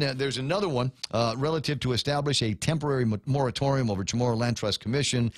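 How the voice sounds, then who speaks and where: A talk radio host with a medium-pitched voice rants casually and animatedly, frequently restarting his sentences, with no echo.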